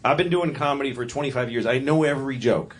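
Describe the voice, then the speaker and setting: A stand-up comic with a mid-range voice talks fast through his set in a comedy club. He keeps rambling and interrupting himself while acting out voices in front of the audience, and the live club recording is noisy.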